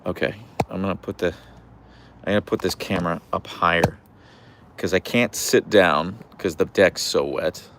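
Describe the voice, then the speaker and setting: There's slight background noise as a young man with a somewhat bright voice talks at a normal speed during a casual outdoor-deck livestream. He's chatty, reads out comments from viewers, and coos at his dogs in a high voice.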